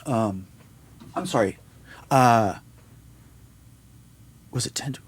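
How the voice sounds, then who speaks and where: A man's voice: mid-range voice, extremely slow, husky. A man telling a personal story in a casual interview, acting out the voices of the people in it. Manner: animated storyteller, acts out quoted voices. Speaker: musician interview guest.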